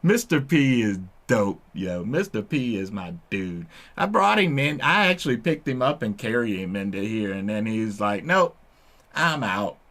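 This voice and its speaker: This channel host talks at normal speed with few pauses, his fairly low, slightly bright voice animated as he rambles through a laid-back stoner chat at home. He laughs frequently and records with headphones and a desk mic.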